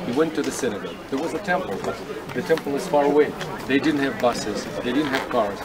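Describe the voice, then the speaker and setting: A man gives a guided tour outdoors, explaining in a conversational way and often checking in with his listeners. His voice is mid-pitched, and the chatter of a crowd carries clearly behind him. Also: fast. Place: outdoors at a historic site. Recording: outdoor recording with crowd noise.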